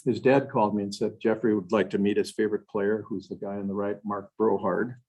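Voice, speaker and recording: A man's voice: lowish voice, little pitch movement, fairly quick, darkish tone, slightly rough, rough recording. An older man from Wisconsin telling folksy stories to a club meeting, quoting his mentors in their own words with many restarts. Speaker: guest speaker. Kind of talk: storytelling talk to a club meeting. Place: meeting room.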